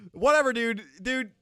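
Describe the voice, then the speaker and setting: A man's voice: extremely high pitch, slightly rough, dry recording, studio quality. A man streaming live, chatting casually and joking with his chat. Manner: joking, animated, talks to chat.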